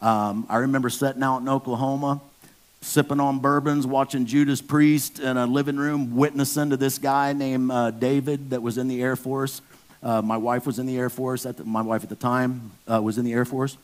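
A man in his fifties preaching a sermon as pastor, candid and storytelling, with sudden loud bursts when acting out stories. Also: medium pitch, flat delivery, moderate pace. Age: 50s.

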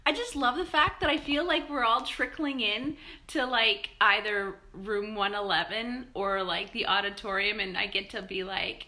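A woman's voice: mid-range voice, expressive, a little slow, sharp tone. A woman pastor leading a live-streamed morning devotional, chatty and upbeat as she greets viewers by name.

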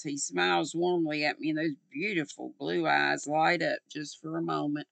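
A woman's voice: low voice, steady tone, moderate pace, creaky, hardly any pauses, a bit bright, no echo. A woman in her sixties with a Southern US accent, reading a novel aloud on her channel and chatting in a homey, folksy way. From North Carolina, US. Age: 60s.

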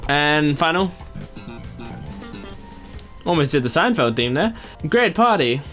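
Man, let's-play commentary, excitable, jokey, lively swooping pitch, soft music underneath. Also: takes it slowly. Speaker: gaming video creator.

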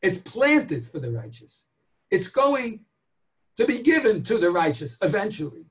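A man delivers a daily Torah lecture in the cadence of a sermon. His pitch rises and falls in wide swings, and he drives each point home with rhetorical questions and slow, stressed phrases. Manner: animated, emphatic, drawn-out stresses and rhetorical questions. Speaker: rabbi giving a daily Torah class.

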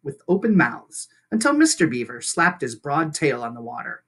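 A teacher reading a children's novel aloud with expressive storytelling. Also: medium pitch, moderate pace. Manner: expressive storytelling with lively intonation.

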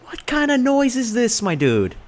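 A young man giving excited, loud gameplay commentary, yelling and laughing as he plays. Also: extremely high pitch, normal speed, soft background music. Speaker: gamer and video host.

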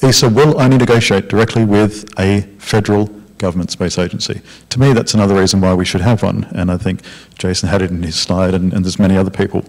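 A man's voice: low-pitched, steady tone, fast, a little mellow. A man on a discussion panel, arguing his point emphatically and tagging lines with "okay?" and "yeah?". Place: lecture hall. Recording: echoey hall.

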